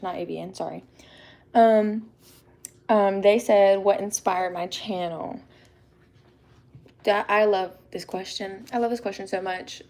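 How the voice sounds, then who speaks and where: A woman hosting a casual live Q&A, rambling and chatty and quick to laugh. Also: medium pitch, gravelly, a little mellow. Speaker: livestream host.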